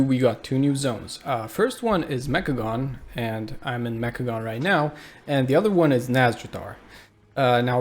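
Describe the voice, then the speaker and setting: A man hosting a gaming channel talks in a relaxed, conversational way. His pitch sits in the middle. He often pauses on a filler "uh" as he goes. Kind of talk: casual video commentary.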